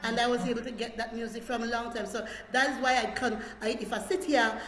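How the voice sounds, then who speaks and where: Lively woman panelist in a roomy hall. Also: on the high side, quick pace, few pauses. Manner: lively, playful, laughing storyteller. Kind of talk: casual panel chat. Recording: roomy hall, faint background noise.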